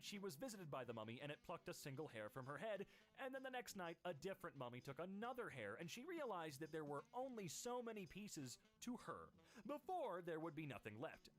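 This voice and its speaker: A man reading internet posts aloud for comedy, switching voices quickly between posters. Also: a little high. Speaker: host.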